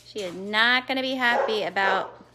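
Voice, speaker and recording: A woman's voice: moderate pace, background noise. Chatty woman among her dogs. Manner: chatty, talks to her dogs in a high coaxing voice. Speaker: home dog breeder. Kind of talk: casual live stream. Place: home with many dogs.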